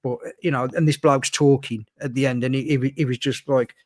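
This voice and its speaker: A man's voice: mid-range voice, steady tone, a little fast, a little hiss or hum. A man hosting a casual podcast chat, rambling with lots of fillers and acting out what others said. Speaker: podcast host.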